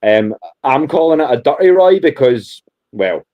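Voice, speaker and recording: A man's voice: medium pitch, big pitch swings, normal speed, dark tone. A Scottish man co-hosting a podcast in casual chat, joking and laughing often, with frequent restarts. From Scotland. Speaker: podcast co-host.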